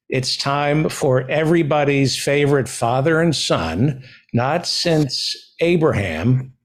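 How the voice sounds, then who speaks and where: A man hosting a comedic talk show, chatty and playful, repeating and spelling out his plugs. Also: fairly high pitch.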